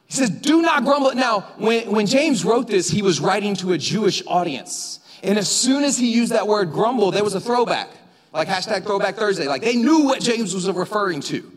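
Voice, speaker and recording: A man preaching a sermon in a church, talking conversationally and rising to shouts for emphasis. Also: high-pitched, lively intonation, moderate pace. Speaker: pastor. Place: church sanctuary. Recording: long reverb of a church hall.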